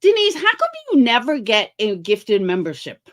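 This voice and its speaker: Brief: middle-aged woman, livestream host, casual and chatty, very animated pitch. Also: normal speed. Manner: chatty, greets viewers by name, sarcastic asides.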